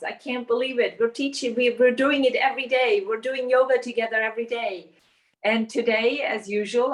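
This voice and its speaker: A woman teaching a yoga class, giving calm, encouraging instructions with the odd restart. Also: mid-range voice. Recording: voice a bit away from the mic.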